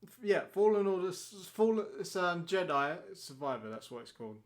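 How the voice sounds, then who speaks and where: Casting: informal guy, a bit high-pitched, chatty podcast co-host. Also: big pitch swings, a little fast. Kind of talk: casual chat.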